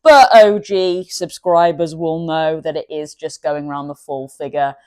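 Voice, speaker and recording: A woman's voice: sits low, steady tone, measured pace, a little mellow, smooth. Chatty woman teaching drawing. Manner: chatty, self-deprecating, laughs at herself. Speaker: art channel host.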